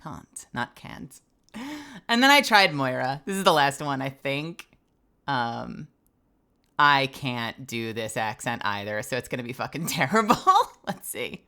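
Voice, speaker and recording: A woman's voice: a bass voice, animated, a little slow, pushed and bright, clear, resonant tone. A woman streaming live as a voice actor, talking candidly and self-deprecatingly in a rambling, casual way and swearing now and then. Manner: rambling, with frequent fillers and restarts. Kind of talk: casual livestream chat.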